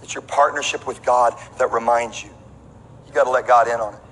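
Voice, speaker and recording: A middle-aged man preaching a sermon as pastor, an animated storyteller who throws asides to the congregation. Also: medium pitch, brisk. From Texas. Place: large church auditorium. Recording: long hall reverb with faint room noise.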